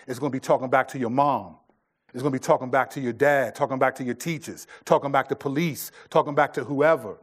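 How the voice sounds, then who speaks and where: A man's voice: medium pitch, quick pace. A middle-aged man preaching a sermon in a loose, conversational way, with many restarts and fillers. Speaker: pastor.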